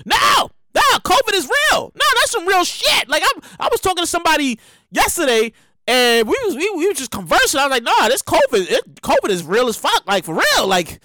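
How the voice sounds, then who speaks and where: A woman with a New York accent hosts a casual commentary show in a high-pitched, fairly quick voice. Animated and emphatic, she uses slang and repeats her points, and the recording has no echo.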